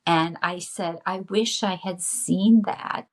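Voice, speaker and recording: A woman's voice: fairly low pitch, fairly even intonation, slow pace. A woman telling a personal story as a podcast guest, emotional and earnest.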